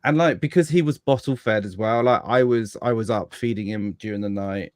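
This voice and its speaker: A man's voice: on the low side, a little fast, dry recording, clean studio sound. A man chatting casually as a podcast guest about fatherhood, rambling with many restarts and fillers.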